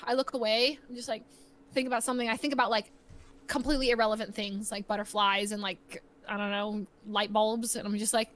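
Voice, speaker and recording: A woman's voice: fairly high pitch, flat delivery, fairly quick, fairly bright tone. A young woman, a guest on a live stream, chatting candidly and laughing easily. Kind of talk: casual chat.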